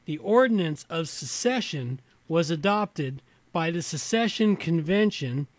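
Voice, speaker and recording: An expressive man with a voice on the high side speaks at a measured pace in a dry recording. As host of a casual livestream, slightly tipsy, he reads from an old reference book and breaks off between passages into rambling, muttered asides.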